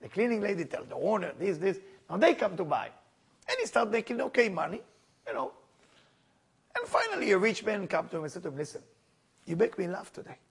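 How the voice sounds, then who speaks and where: A man telling a spiritual story as a lesson in broken, non-native English, with lively asides to his listeners. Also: high-pitched, a little fast, breathy edge. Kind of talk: storytelling sermon.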